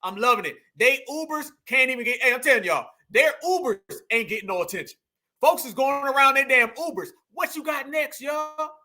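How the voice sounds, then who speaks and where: High, bright-voiced ranting man. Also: a little fast. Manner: animated, profane, talks straight to the audience. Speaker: livestream host. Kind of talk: ranting commentary.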